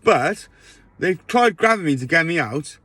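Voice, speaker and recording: A man's voice: fairly high pitch, expressive, a little slow, pushed and bright, breathy edge, no echo. A man telling a rambling storytime monologue, often checking in with his listener. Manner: rambling, checks in with "right?" tags.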